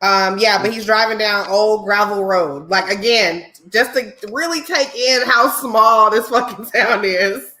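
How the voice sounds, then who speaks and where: A woman's voice: medium pitch, a little slow, few pauses, pushed and bright. A woman from Chicago co-hosting a podcast, telling the story in casual chat with frequent laughs and fillers. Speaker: podcast co-host.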